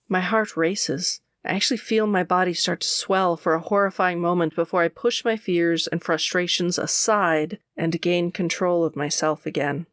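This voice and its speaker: A woman narrating a first-person audiobook in a steady, measured way. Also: on the low side, smooth, dry recording, studio quality.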